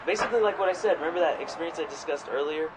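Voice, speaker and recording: A man chatting as a podcast co-host, with a voice pitched a little high. He rambles, swears freely and breaks into loud quoted voices. A faint hum sits underneath. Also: rapid-fire. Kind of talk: casual chat.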